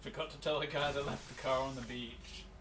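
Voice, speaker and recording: A man's voice: medium pitch, fairly even intonation, brisk, fairly bright tone, slight background noise. A man giving dry, short replies in casual chat while playing a video game.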